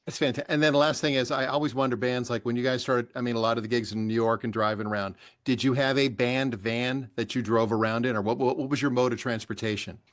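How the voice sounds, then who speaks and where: Male radio host, average pitch, friendly questioner. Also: fairly even intonation, fast, hardly any pauses. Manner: brief, encouraging reactions and open questions. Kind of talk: radio interview.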